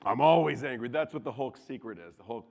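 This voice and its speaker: A man preaching a sermon, animated and jokey, asking the congregation questions. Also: medium pitch, fast. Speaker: pastor. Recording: reverberant hall.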